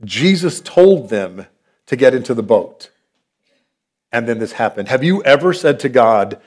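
A man's voice: medium pitch, big pitch swings, a little slow. A man, preaching a sermon as a pastor in an earnest, conversational, storytelling manner.

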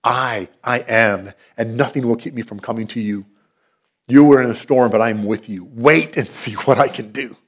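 A man speaking as God in a preached sermon, slow, hushed and solemn. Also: mid-range voice, husky, voice pushed down, lightly acted. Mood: reassuring. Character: God speaking, calm and reassuring.

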